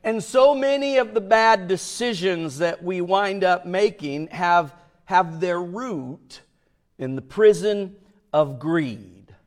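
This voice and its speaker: A male pastor delivering a sermon, his voice pitched high and his words unhurried. He leans hard on key words and swings between hushed and loud. The delivery is deliberate and built for emphasis.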